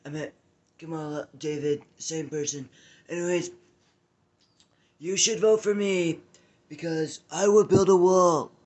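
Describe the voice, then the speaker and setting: A man's voice: on the high side, steady tone, unhurried, pauses often, a little mellow, voice pushed up, lightly acted. A man impersonating a boastful older male ex-president who brags and mixes up names. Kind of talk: comedic impression sketch.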